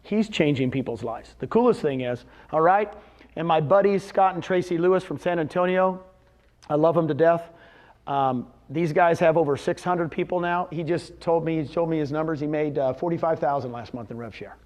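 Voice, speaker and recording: This motivational speaker at a real estate seminar has a slightly high, a little mellow voice and a moderate pace. He animatedly recounts success stories to the live crowd and fires rhetorical questions at them.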